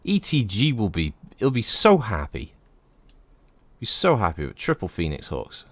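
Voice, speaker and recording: A low-pitched man chats his way through a game stream, meandering from thought to thought and swearing freely. His voice sits close and dry on the mic, with no room around it. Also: huge pitch swings, measured pace, dry recording. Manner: rambling, chatty, swears freely. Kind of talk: casual gameplay commentary.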